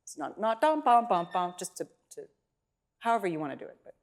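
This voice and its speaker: A woman's voice: lowish voice, very animated, brisk. A woman teaching a violin masterclass in a recital hall, giving short encouraging cues while a student plays and humming phrases to show how they should go. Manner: encouraging, repeats praise. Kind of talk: masterclass coaching over live playing. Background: violin playing.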